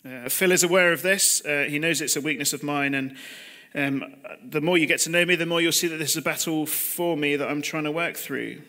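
A man in his thirties gives a sermon over a video call, his voice pitched high. He talks plainly and personally, confessing his own failings and asking his listeners questions. The tone is bright and forward. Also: brisk. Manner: confessional, conversational preaching with rhetorical questions. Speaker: preacher. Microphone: computer mic on a video call.

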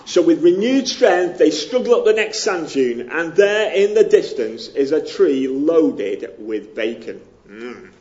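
A pastor with a northern English accent from near Liverpool gives a sermon in a chatty, self-deprecating way, with many ums. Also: male voice, on the high side, very animated, a little slow, hardly any pauses, a little mellow, lo-fi sound. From northern England.

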